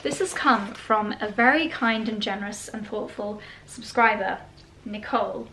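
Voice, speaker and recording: A woman's voice: medium pitch, moderate pace, sharp tone, slight background noise, low-quality recording. A woman hosting her own vlog, chatting casually and gushing as she unboxes gifts. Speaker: vlog host.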